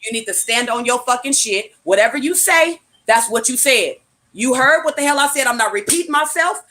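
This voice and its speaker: A woman from California speaks at a rapid clip, her voice sitting a little high. She is blunt and profane, hammering her points home and repeating key phrases like a preacher in a casual motivational talk. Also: expressive, bright, forceful tone.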